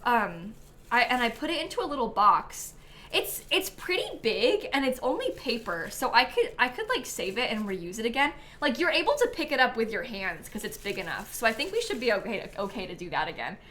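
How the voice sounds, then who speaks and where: A woman's voice: a little high, sing-song, brisk, sharp tone, slight background noise. A woman hosting a casual live stream, chatty and giggly, full of ums and likes as she thanks viewers by name. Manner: reads out viewer names and thanks. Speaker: livestream host.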